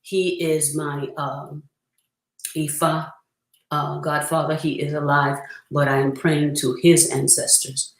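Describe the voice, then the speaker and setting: A priestess presenting a spiritual workshop, talking earnestly and reverently with frequent pauses, and reciting a prayer. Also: female voice, deep voice, level tone. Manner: earnest, reverent, pausing often to gather thoughts. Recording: roomy echo.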